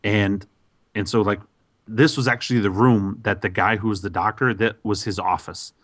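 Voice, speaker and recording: A man on a podcast telling a story in a casual, animated way, with many fillers and restarts. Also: on the low side, normal speed, no echo, clean studio sound. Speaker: podcast host.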